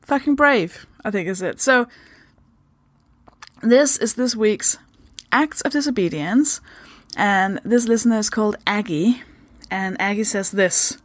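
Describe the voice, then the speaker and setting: A woman's voice: medium pitch, a little slow, no echo. A young woman from Denmark hosting a podcast in a loose, chatty way, swearing freely and laughing often. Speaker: podcast host. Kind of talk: casual podcast chat.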